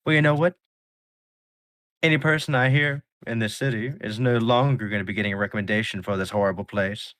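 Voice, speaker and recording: A man voicing a large, offended male bar singer in a tabletop game, talking high and loud. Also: huge pitch swings, moderate pace, dry recording, full character voice. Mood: huffy. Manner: indignant, huffy.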